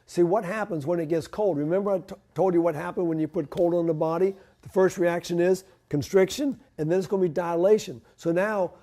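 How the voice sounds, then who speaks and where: Guy explaining home remedies at church, kinda high voice but mellow, chatty q and a. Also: fairly even intonation, fairly quick, few pauses. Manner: conversational, asks and answers own questions. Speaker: health presenter. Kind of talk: church health talk. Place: church hall.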